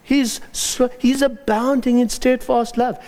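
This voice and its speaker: A man preaching a sermon, telling personal stories with dramatic pauses and lively emphasis. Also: very high-pitched, long reverb tail.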